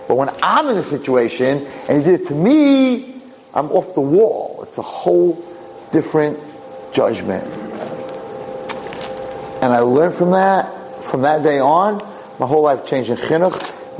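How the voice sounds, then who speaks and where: A man's voice: medium pitch, darkish tone, slight background noise, low-quality recording. A man, a rabbi and teacher, giving a storytelling lecture, acting out dialogue with emphatic repetition.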